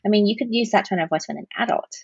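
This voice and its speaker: A woman's voice: mid-range voice, very fast, vocal fry, husky, no room sound, dull audio. A woman counsellor answering podcast questions in a practical, explanatory way with example phrases. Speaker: parent-child counsellor, guest.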